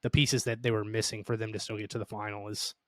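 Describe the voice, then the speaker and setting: Male podcast co-host, flat low delivery, dry close recording. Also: fast, dry recording. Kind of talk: casual soccer analysis chat.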